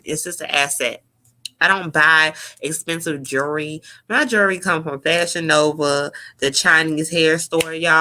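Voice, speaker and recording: A woman vlogger in a casual commentary, loud and profane, talking straight to her viewers and breaking into shrieking laughter. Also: deep voice. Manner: slangy, talks straight to viewers as y'all.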